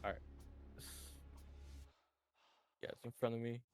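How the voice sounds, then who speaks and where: A man playing a tabletop game, soft-spoken and unsure, often checking the rules. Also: mid-range voice, little pitch movement, unhurried, a little hiss or hum. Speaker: player. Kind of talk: casual tabletop gaming chat.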